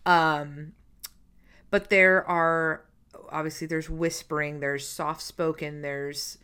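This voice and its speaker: A woman co-hosting a casual podcast, talking in quick, sarcastic, profane banter. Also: low-pitched, little pitch movement, bright, forceful tone, clear, resonant tone. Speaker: podcast co-host. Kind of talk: casual chat.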